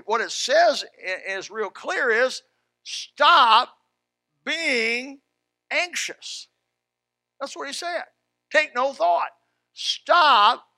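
Bright, fervent preaching man. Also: very high-pitched, gravelly, no echo. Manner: fervent, folksy preaching that swings from hushed to loud. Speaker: pastor. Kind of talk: sermon.

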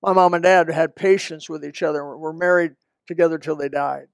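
An older man, a Baptist pastor, preaching a sermon in a folksy, conversational way with quick asides. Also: on the high side, steady tone, vocal fry, no room sound, studio quality. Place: church.

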